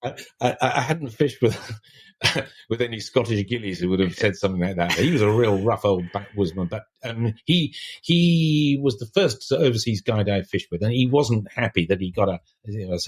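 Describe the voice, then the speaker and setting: A man's voice: lowish voice, animated, normal speed, slightly rough. An older man, a writer guest on a podcast, talking in a reflective, discursive way with many restarts. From England. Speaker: author guest.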